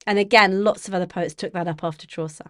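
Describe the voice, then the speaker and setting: A woman's voice: mid-range voice, fairly even intonation, quick pace, fairly bright tone, no echo, studio quality. Woman professor explaining carefully. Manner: thoughtful, explanatory, with many restarts and fillers. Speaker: literature professor. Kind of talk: academic interview.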